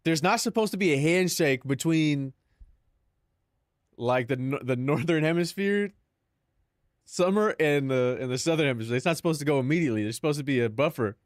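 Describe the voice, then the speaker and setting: Young guy streamer rambling and joking with chat, kinda high voice. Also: animated, a little fast, no echo, clean studio sound. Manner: joking, mock-dramatic, chatty with filler words. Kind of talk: casual live-stream chat.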